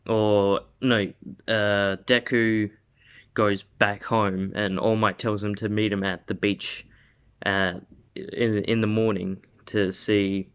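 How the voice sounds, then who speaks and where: Male storyteller, casual and rambling, slow delivery, lowish voice. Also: level tone, fairly bright tone, clean tone. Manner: rambling, many fillers and self-corrections. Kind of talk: casual retelling of a fan story.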